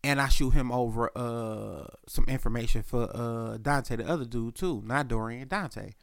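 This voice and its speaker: A man hosting a podcast, telling a loose, profane story about his boss and clearing his throat often while he is sick. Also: medium pitch, normal speed, dry recording, studio quality. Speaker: podcast host. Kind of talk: casual storytelling.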